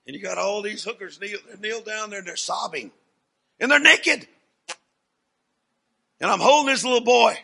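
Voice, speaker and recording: A man preaching a sermon as a dramatic story, swinging from hushed asides to loud declarations. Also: sits high, moderate pace, vocal fry, long pauses.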